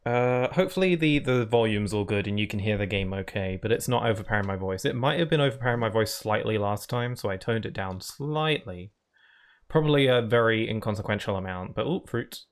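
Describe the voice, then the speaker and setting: A man's voice: on the low side, expressive, brisk. A man giving rambling, chatty live-stream commentary while he plays, often laughing at himself. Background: faint game music.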